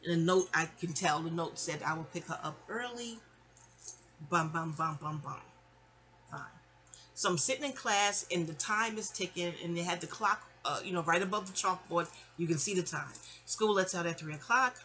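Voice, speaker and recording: A middle-aged woman from New York telling a long personal story in a chatty, animated way, slipping into other people's voices. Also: fairly low pitch, normal speed, a little hiss or hum. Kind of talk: casual storytime monologue.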